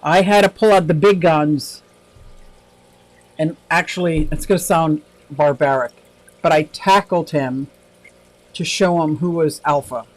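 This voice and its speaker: A man with a high-pitched voice talks casually on a livestream. He rambles from topic to topic, reads out viewer comments and laughs easily. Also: measured pace, pauses often, no echo, low-quality recording. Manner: chatty and rambling, laughs often. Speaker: aquarium livestream host.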